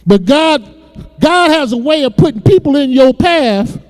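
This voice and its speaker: A man's voice: extremely high pitch, animated, unhurried, darkish tone, long reverb tail. A man preaching, telling his own story with emotion and repeated words. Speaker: pastor. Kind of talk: sermon testimony. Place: church sanctuary.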